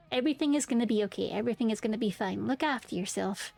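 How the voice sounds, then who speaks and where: A woman's voice: on the high side, brisk, gravelly, darkish tone, soft background music. A young woman streaming casually, chatting to her viewers and humming filler tunes between remarks. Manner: bubbly, hums and sings filler tunes. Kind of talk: casual live-stream chat.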